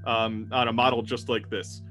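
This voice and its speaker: A wry, easygoing hacker mentor, put on by a man running a tabletop game, giving instructions in an offhand, matter-of-fact way. His pitch sits in a middle range, and faint music plays underneath. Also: level tone, moderate pace, sharp tone, natural voice, low-quality recording. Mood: offhand instructive. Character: wry male netrunner trainer.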